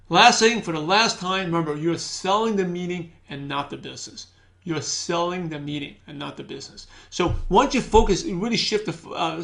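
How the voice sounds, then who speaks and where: A man teaching a sales training, energetic, repeating key points and acting out sample phone calls. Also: high voice. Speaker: business trainer.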